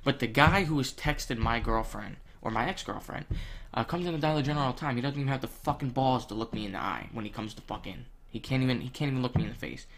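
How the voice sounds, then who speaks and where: A young man, ranting bluntly to camera in casual vlog talk, swearing a lot and filling pauses with ums. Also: mid-range voice, fairly bright tone. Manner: blunt, profane, heated, with many ums. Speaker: vlogger.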